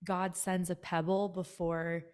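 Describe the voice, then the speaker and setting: Woman guest, spiritual guide, sincere and reflective, lower voice. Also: little pitch movement, unhurried, a little mellow, clear, resonant tone. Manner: earnest and reflective, fills talk with "like". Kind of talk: casual chat.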